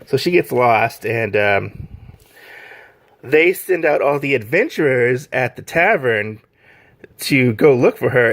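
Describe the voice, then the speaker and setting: A man's voice: mid-range voice, fairly bright tone, dry recording. Rambling man gushing in a dry room. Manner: rambling, heavy use of "like" and "um"; enthusiastic, gushing. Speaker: manga reviewer. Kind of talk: casual video review.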